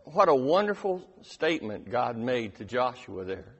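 A man preaching a sermon, reading scripture with strong emphasis and slowing down on key lines. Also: mid-range voice, very animated, fairly bright tone, husky. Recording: reverberant hall.

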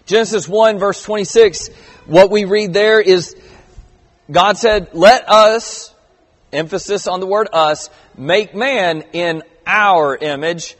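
A man's voice: high voice, in a large hall. A middle-aged man preaching a sermon as pastor, conversational with emphatic stresses, reading scripture aloud.

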